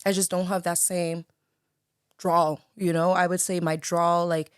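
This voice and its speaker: A woman's voice: fairly low pitch, little pitch movement, a little slow, clear, resonant tone, dry recording, studio quality. A young woman from the Bahamas with a light Bahamian accent, chatting as a podcast guest and filling her talk with "like" and "you know". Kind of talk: casual conversation.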